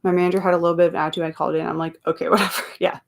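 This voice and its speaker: A woman's voice: fairly low pitch, flat delivery, racing, a little mellow, a little hiss or hum. A woman hosting a casual live stream, reading viewer comments aloud and chatting between them, laughing often and drifting into asides. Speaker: livestream host.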